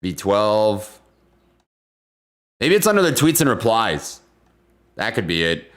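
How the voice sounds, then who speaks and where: A man hosting a live stream about stocks, chatting casually and excitably with viewers and breaking down price charts. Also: on the low side, slow pace. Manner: excitable, easygoing, laughs often, slangy. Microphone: desk condenser microphone.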